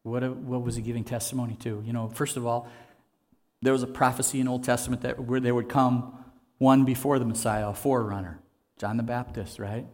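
A man's voice: medium pitch, little pitch movement, fairly quick, darkish tone. A man preaching a sermon in an earnest, conversational way, asking his listeners rhetorical questions. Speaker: pastor.

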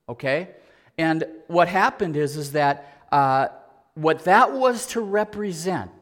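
A man preaching a sermon, emphatic and repetitive, asking the congregation rhetorical questions. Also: a little high. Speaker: pastor.

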